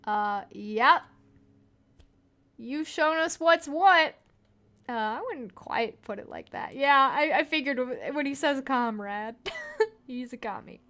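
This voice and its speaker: A woman's voice: fairly high pitch, unhurried, sharp tone. Laughing, joking woman playing a game. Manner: laughs often, joking and rambling. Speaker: game streamer. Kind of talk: casual playthrough chat.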